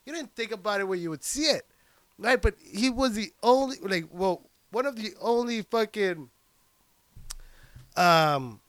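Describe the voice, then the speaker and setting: A young man hosts his podcast into a handheld microphone, swearing freely and rambling excitedly with lots of restarts. His voice sits high and comes through smooth and resonant. The sound is dry and close, with no room around it. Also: a little slow, no echo. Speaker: podcast host and stand-up comic. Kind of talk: casual rambling podcast chat. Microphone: handheld microphone plugged into a computer.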